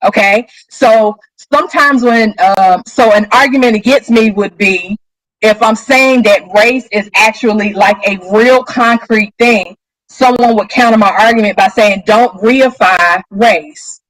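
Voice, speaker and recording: A woman's voice: fairly high pitch, a bit bright, no room sound, poor audio. Conversational woman lecturing on a dry livestream. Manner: conversational teaching, rereads definitions slowly; checks in with the audience often. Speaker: lecturer presenting a livestreamed session. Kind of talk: live-streamed lecture.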